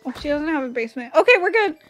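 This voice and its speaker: Woman streamer, very high voice, unhurried, excitable, swears, faint game music behind. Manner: excitable, laughs often, swears freely. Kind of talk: game let's play commentary.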